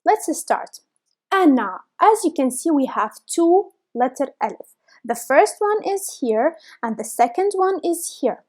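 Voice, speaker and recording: Young female teacher, high voice, slow and patient, breaks words into single sounds. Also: big pitch swings. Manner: spells sounds out letter by letter, repeats words slowly. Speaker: language teacher. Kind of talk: slow, careful lesson.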